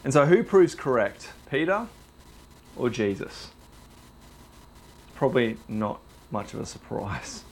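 A man's voice: mid-range voice, slow, creaky, pauses often, slight background noise. Aussie guy giving a sermon, young, acts out the story, voice jumps all over. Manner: animated storytelling, dramatizing quoted lines. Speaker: preacher.

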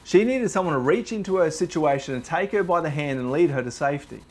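A young man preaching a sermon, telling the story with animated, dramatized delivery. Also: fairly high pitch, fast talker.

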